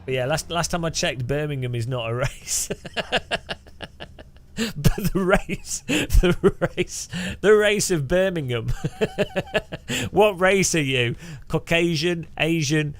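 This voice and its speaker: A man's voice: on the high side, expressive, slow, long pauses, a little hiss or hum. A middle-aged man, chatting casually and jokingly while streaming a game live, often chuckling as he rambles. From English Midlands.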